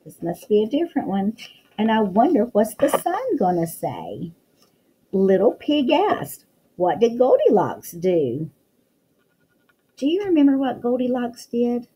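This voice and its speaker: A woman's voice: on the high side, big pitch swings, moderate pace, dark tone, husky, rough recording. A woman teacher reading a picture book aloud to young children, full of exclamations and questions to the listener.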